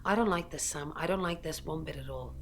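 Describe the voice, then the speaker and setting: A wry tarot reader. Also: female voice, low voice, a little fast, a little hiss or hum. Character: calm female tarot reader, wry and watchful. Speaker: game character. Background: game music.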